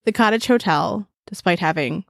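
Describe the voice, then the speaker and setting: A woman's voice: lowish voice, lively intonation, moderate pace, creaky, no room sound, clean studio sound. Giggly, sweary woman podcast co-host. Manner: giggly, sweary, rambling banter. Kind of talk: casual chat. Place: home desk. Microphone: desk mic on stand.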